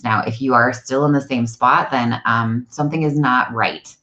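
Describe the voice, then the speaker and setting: Animated low-voiced woman telling stories. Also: normal speed, few pauses, highs cut off. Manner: animated storyteller. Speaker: vlog host. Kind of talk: casual live-stream chat. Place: home, indoors.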